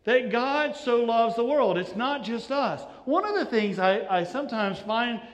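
A man's voice: very high voice, animated, measured pace, big-room sound. A male pastor giving a sermon, telling stories and acting out the voices of the people in them. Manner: storytelling, acts out quoted voices, shifting inflection.

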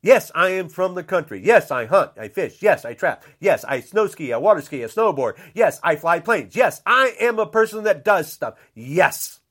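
A man's voice: high-pitched, sing-song, moderate pace, hardly any pauses, a bit bright. An older man delivering an angry, blunt rant, repeating himself and saying how upset he is. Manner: indignant, repetitive, blunt.

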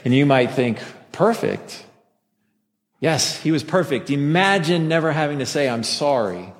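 A man's voice: on the high side, expressive, measured pace. Man preaching in a reverberant hall. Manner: conversational preaching with self-deprecating jokes. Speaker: pastor. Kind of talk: Christmas sermon. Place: church sanctuary with a masked congregation.

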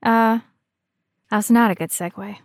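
Laid-back woman cohost, teasing, swears a lot, talks slow. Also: mid-range voice, fairly even intonation. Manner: teasing, laughs and swears casually. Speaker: podcast co-host. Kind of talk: casual teasing chat.

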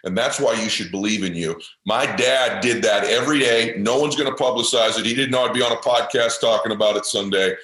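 A man's voice: medium pitch, fairly quick, few pauses, a bit bright. A man guest on a podcast, telling a heartfelt motivational story with intensity and passion. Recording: roomy echo.

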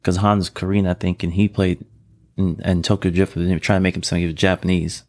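A man's voice: deep voice, level tone, fast talker, darkish tone. A man co-hosting a podcast, chatting casually and steering the conversation with rambling opinions. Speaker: podcast co-host. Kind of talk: casual chat.

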